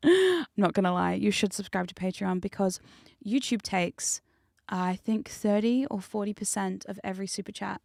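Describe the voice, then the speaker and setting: A woman chats on a live stream in a loose, teasing, rambling way and now and then slips into a soft whisper. Her voice sits at an ordinary pitch. The sound is close and dry, from a studio condenser mic with no room around it. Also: normal speed, gravelly, no echo. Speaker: hypnosis content creator and streamer. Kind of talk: casual live-stream chat with whispered asides.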